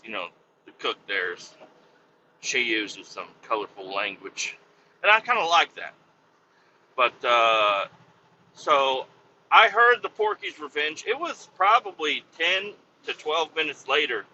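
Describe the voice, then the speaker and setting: A podcast host with a mid-range, animated voice that sounds pushed and bright tells a rambling story at a measured pace, pausing often. He's casual and exasperated and swears freely. The recording is dull and slightly lo-fi, with faint background noise.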